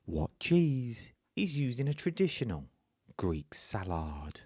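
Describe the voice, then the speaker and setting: Man doing a slow, whispery TV cooking-show presenter, dry close sound. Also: big pitch swings, a little mellow, no room sound, heavily acted. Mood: dramatic. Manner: slow, low, breathy whispered delivery. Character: hushed dramatic male TV cooking-show presenter.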